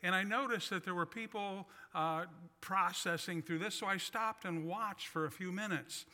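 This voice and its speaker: A man's voice: high voice, normal speed, sharp tone. A man preaching a sermon, telling a personal story with folksy, self-deprecating humor. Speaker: pastor. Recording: long reverb of a large hall.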